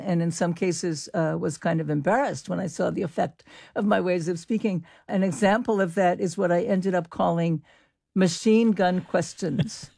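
An older woman explaining her research in an interview, in an animated, explanatory way. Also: fairly low pitch, creaky, no room sound, clean studio sound. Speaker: linguist guest. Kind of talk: interview answers.

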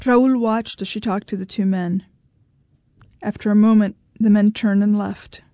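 A woman author reading her own short story aloud in a measured, even way. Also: medium pitch, no echo, clean studio sound. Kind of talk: fiction reading.

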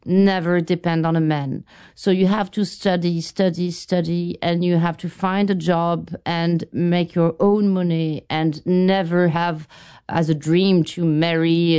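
Woman, middle-aged, smooth resonant voice, reflective interview guest. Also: on the low side, mellow. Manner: thoughtful, halting, with restarts.

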